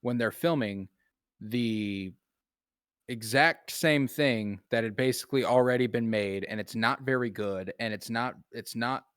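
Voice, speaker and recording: Man, podcast co-host, casual film talk, swears a lot, mid-pitched, dry close sound. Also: measured pace, fairly bright tone, clean tone, no echo. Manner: loose and profane, heavy on fillers.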